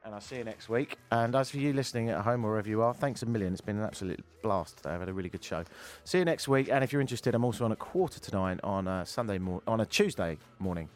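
A man's voice: fairly low pitch, quick pace. A man hosting a talk radio show, chatting casually in a joking, teasing way into a studio microphone.

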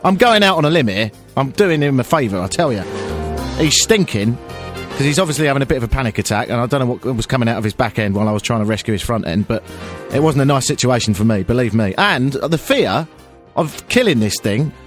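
A radio host with a fairly high, very lively voice, telling stories with playful, self-mocking humour. He keeps leaping into squeaky impressions as he chats, with faint music playing behind him. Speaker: radio presenter. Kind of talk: chatty radio banter and storytelling.

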